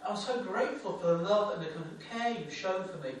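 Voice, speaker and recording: A man's voice: sits high, moderate pace. A man preaching a sermon as a pastor, with an emphatic, repetitive cadence. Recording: echoey room, distant mic, faint hum.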